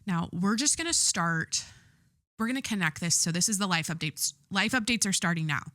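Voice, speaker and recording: A woman's voice: on the low side, animated, a little fast, pushed and bright, dry recording, studio quality. Candid, profane woman podcast host. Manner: candid and profane, lots of fillers. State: stuffy from a head cold. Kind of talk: casual solo podcast monologue.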